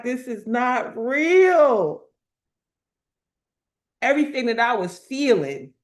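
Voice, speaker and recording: A woman sharing a faith-based testimony, telling her story with lively quoted dialogue and repeating phrases for emphasis. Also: medium pitch. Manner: animated storytelling, acting out quoted voices. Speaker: motivational speaker.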